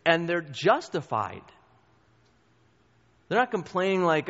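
A man's voice: a little high, lively intonation, unhurried, pauses often, fairly bright tone. A middle-aged man teaching a Bible study group, earnest and conversational, speaking straight to the listeners. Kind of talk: church teaching talk. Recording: dull sound with long hall reverb.

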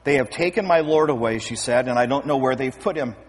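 A man preaching a sermon as pastor, lively and acting out scripture scenes with voices. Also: medium pitch, fairly quick. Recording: long hall reverb.

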